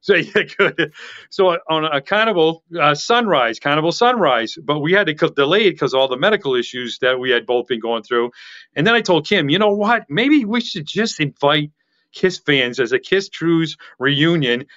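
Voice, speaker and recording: A man talking as a podcast guest in casual chat, excitable and rambling, with a loud voice that carries. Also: on the high side, normal speed, lo-fi sound.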